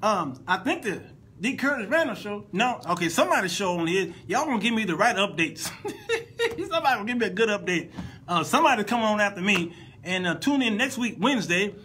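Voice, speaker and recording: A man's voice: high voice, big pitch swings, brisk, pushed and bright, slightly rough, poor audio. A man hosting an informal Sunday school Bible lesson in a conversational way, often repeating and restarting words and making playful asides to his listeners.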